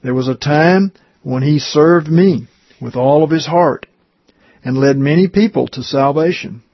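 A man reading aloud gives voice to a calm, solemn male spiritual guide who speaks gently and firmly. The tone is husky and breathy. The recording is dry and dull. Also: a little high, measured pace, no room sound.

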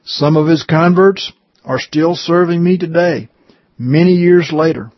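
A man voicing a gentle, solemn male spiritual guide while reading a religious story aloud. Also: a little high, a little slow, no room sound, dull audio, pitched above the performer's own voice.

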